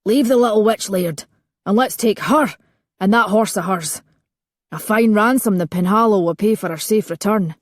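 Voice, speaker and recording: A woman's voice: mid-range voice, animated, measured pace, hardly any pauses, dry recording, studio quality. A woman voicing a snarling balding cattle thief. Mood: commanding. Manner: hissing, barking orders. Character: rough, bearded, balding male cattle thief, hostile.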